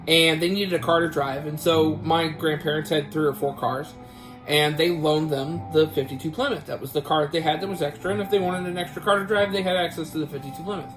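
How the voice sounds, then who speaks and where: A man's voice: on the high side, steady tone, brisk, low-quality recording. Rambling man telling a family story. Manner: rambling, with many restarts. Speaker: vlog host. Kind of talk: casual storytelling vlog. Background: guitar music.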